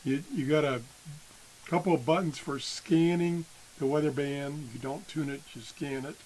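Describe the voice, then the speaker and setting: A man slowly demonstrating an old radio, halting often and clearing his throat, his voice worn from being sick. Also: fairly high pitch, a little mellow, a little hiss or hum, poor audio. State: losing his voice after illness. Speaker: radio hobbyist video host. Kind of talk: casual show-and-tell demo.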